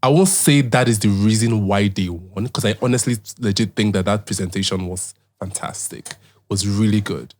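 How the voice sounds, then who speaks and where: A man from Nigeria co-hosting a casual chat show, animated and playful with jokey asides. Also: lowish voice, normal speed. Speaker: co-host.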